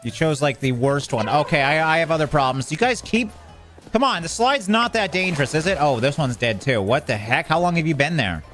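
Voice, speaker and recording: A man's voice: fairly high pitch, lively intonation, brisk, a bit bright, faint music behind. Casual man narrating his gameplay. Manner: talks to game characters, swears mildly, gets flustered. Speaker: gameplay commentator.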